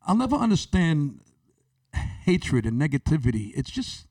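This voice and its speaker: A man around sixty, a comedian guest telling stories in an animated, profane, rapid-fire way. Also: on the high side, distant mic. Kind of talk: comic storytelling.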